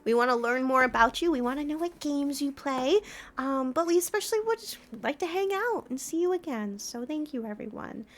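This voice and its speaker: Bright, high-voiced chatty woman streamer. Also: animated, brisk. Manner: rambling, chatty, giggly. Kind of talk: casual stream wrap-up chat.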